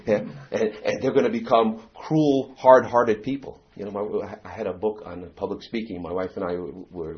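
Lively New man telling stories. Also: fairly low pitch. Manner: animated, acts out anecdotes, many "you know" fillers. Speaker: community speaker. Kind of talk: storytelling talk. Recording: dull lo-fi recording.

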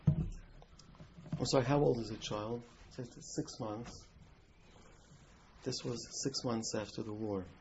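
A man's voice: mid-range voice, steady tone, takes it slowly, vocal fry, pauses often. A man giving a talk to a live audience, telling an emotional story and asking the room questions. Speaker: lecturer. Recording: lo-fi room recording with loud hiss.

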